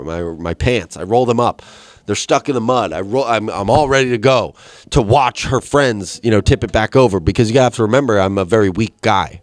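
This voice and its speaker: On his laid-back solo podcast, a young host tells a meandering story laced with profanity, switching into high-pitched, excited voices for the quotes. The recording has no room sound.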